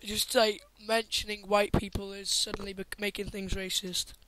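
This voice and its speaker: A man's voice: sits high, level tone, moderate pace, pushed and bright, slight background noise, rough recording. A teenage boy, chatting and telling a story in a jokey manner with lots of laughter. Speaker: podcast co-host. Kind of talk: casual storytelling.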